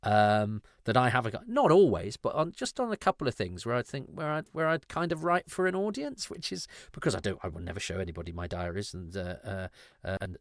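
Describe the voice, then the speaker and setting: Low-voiced reflective male podcast host. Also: expressive, brisk, dry recording, studio quality. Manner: rambling, self-interrupting, candid and reflective. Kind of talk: casual conversational podcast discussion.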